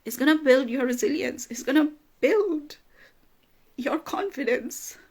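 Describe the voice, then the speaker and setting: Emphatic woman coach, slightly high voice. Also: expressive, measured pace. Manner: emphatic, repeats phrases for emphasis; gets emotional, laughs through tears. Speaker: business coach. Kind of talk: motivational talk to camera.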